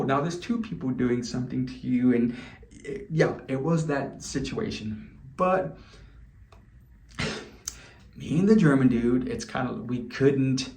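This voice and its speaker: A man's voice: medium pitch, darkish tone. A man vlogging, telling a candid story to camera in a loose, chatty way. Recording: roomy echo.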